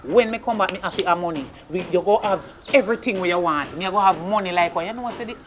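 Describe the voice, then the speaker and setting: A performer playing a stern, broke Jamaican mother who scolds her son in rapid patois. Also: medium pitch, background noise, close to an everyday voice. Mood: scolding. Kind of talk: comedy skit acting.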